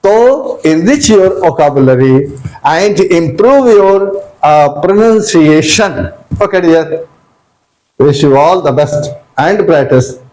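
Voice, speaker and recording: A man gives a pronunciation lesson in a high, unhurried voice. He spells words letter by letter, repeats them, and fills pauses with "uh" and "okay, dear". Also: expressive, a little mellow, poor audio. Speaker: English teacher.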